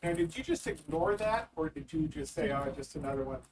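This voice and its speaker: A woman's voice: low-pitched, lively intonation, fairly quick, darkish tone. A woman co-hosting a craft video, chiming in with teasing, joking remarks. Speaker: co-host. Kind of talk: casual chat. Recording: distant from mic with faint noise.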